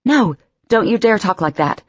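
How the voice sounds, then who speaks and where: A woman voicing a caring young woman who speaks higher, urgent and pleading. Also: animated, moderate pace, dry recording, muffled recording, close to an everyday voice. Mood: frantic, pleading.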